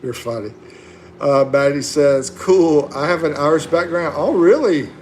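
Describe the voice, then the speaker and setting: His voice sits a little high with a darkish tone and an unhurried delivery as he hosts a casual livestream. He reads comments aloud, chats back with laughs and fillers, and a faint hiss or hum runs underneath.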